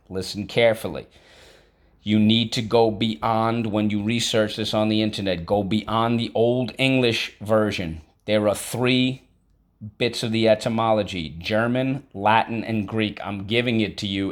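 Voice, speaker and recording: Slow, deliberate man teaching vocabulary. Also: fairly low pitch. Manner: conversational, with frequent fillers like "all right". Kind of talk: vocabulary and spelling lesson.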